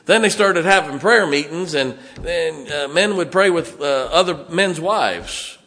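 Older pastor preaching, folksy storytelling, voice ringing around a church hall. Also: male voice, a little high, lively intonation, measured pace, bright, forceful tone. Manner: folksy storytelling preacher, plain-spoken with rhetorical questions. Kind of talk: sermon. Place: church sanctuary. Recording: long reverb in a church hall.

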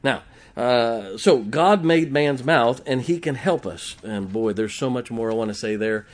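Folksy preacher in a sermon. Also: male voice, medium pitch, expressive, a little slow. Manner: folksy storytelling preacher, mimics stuttering. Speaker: pastor.

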